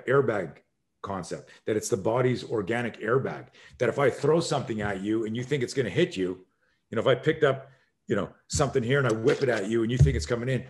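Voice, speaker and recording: Animated man in his sixties explaining. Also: medium pitch. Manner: acts out scenes with sudden shouted exclamations, swears freely; energetic, emphatic, rambling explanations. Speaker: self-defense instructor, podcast guest. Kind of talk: animated conversational storytelling.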